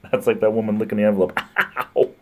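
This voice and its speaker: A man hosts a casual livestream, rambling, laughing often between remarks and greeting viewers by name while reading their comments. His voice is fairly low with fairly even intonation, and he talks fast.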